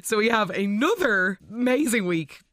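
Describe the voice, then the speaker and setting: A host giving a casual, gushing recap of the week's soap episodes, with quick asides and excited reactions. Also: medium pitch, music in the background.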